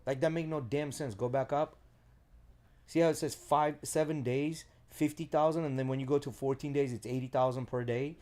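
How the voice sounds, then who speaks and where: A man hosting a podcast, chatting loosely and thinking out loud, with some swearing. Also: mid-range voice, fairly even intonation, normal speed. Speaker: podcast host. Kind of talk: casual chat.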